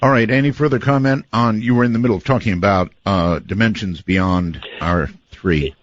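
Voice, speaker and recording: A man's voice: fairly low pitch, steady tone, normal speed, no echo. A man hosting a late-night radio talk show, easygoing and often chuckling. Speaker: radio host. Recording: dull lo-fi radio audio.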